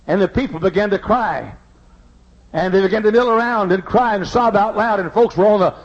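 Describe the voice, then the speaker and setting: High husky-voiced pastor from texas preaching in a big church, muffled lo-fi sermon tape. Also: male voice. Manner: swings from hushed confessions to shouted preaching. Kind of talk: emotional sermon storytelling. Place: large church sanctuary.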